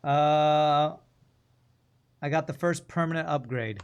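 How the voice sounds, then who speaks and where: Laid-back male streamer with slightly high pitch, musing casually over gameplay. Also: takes it slowly, smooth, dull audio. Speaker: game streamer.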